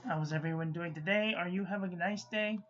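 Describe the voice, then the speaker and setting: A woman hosting a casual live-streamed ink review, chatting to viewers and often clearing her throat. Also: lowish voice, fast, lo-fi sound, a little hiss or hum. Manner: chatty, frequent throat-clearing, drops to mutters.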